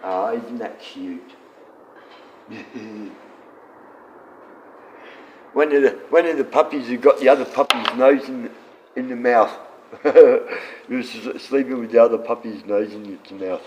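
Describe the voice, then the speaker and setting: A man's voice: mid-range voice, fairly even intonation, moderate pace, slight background noise, poor audio. A man chatting casually on a livestream, rambling and swearing freely.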